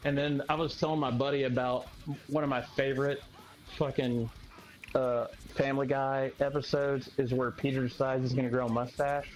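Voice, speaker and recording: A man's voice: mid-range voice, flat delivery, moderate pace, noisy background. A man streaming a game, chatting casually, laughing and swearing as he retells cartoon scenes. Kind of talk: casual chat while gaming.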